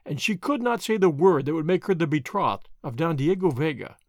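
A man narrating a classic adventure novel as an audiobook, with an expressive, measured reading. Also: a little high, no room sound, clean studio sound.

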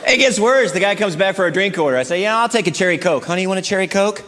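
A man's voice: sits high, very fast, a bit bright, in a large hall, a little hiss or hum. A man performing a stand-up routine before a live audience, acting out both sides of married bickering with big comic outbursts. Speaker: stand-up comedian. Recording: live club recording with crowd laughter.

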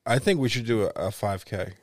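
Young male co-host, low voice, dry close sound, slow teasing delivery. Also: no room sound. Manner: laid-back, teasing, drawn-out phrases. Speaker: podcast co-host. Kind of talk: casual chat.

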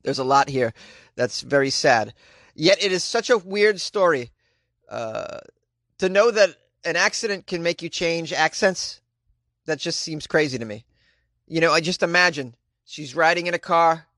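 Boston guy joking around and riffing on news, kinda high voice, no room sound at all. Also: lively intonation, normal speed, a bit bright, no room sound, studio quality. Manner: rambling, joking, incredulous. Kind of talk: comedic commentary.

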